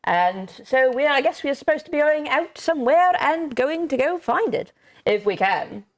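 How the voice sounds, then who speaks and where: A woman's voice: sits high, expressive, normal speed. Woman doing a posh english toff, jolly old slang, accent kinda wobbly, tabletop game. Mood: breezy. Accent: put-on upper-class English, unsteady. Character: foppish upper-class young English gentleman. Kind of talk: tabletop role-play.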